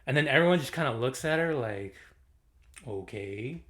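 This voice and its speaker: A man giving a casual movie review, animated and slangy, laughing often as he talks. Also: mid-range voice, fast talker.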